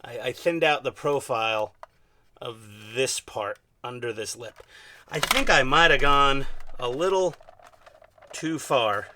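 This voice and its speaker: This man speaks slowly in a mid-range, bright, forceful voice, with slight background noise in the recording. A New Yorker with a New York accent, he chats casually at his home hobby workbench while building a scale model, rambling, self-mocking and leaning heavily on fillers.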